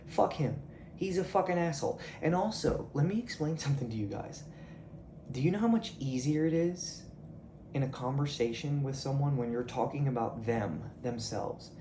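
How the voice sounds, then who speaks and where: A man's voice: fairly high pitch, warm tone, slight background noise. A man delivering a blunt, profane motivational rant straight at his viewers. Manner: blunt, swearing, confrontational. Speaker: video creator. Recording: echoey room.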